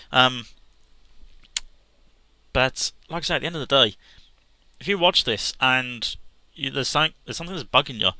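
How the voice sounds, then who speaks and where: A man talking sincerely to camera as a gaming vlogger, halting with restarts and fillers. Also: medium pitch, pushed and bright, dry recording. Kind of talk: casual earnest talk to camera.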